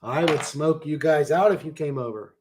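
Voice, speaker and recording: A man in his forties chatting casually on a livestream, slangy and profane, laughing often and swinging between mumbling and loud bursts. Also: fairly high pitch, moderate pace, noisy background. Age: 40s.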